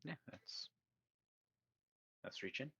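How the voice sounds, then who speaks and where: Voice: takes it slowly, bright, forceful tone. A player in a tabletop game, talking casually and offhand.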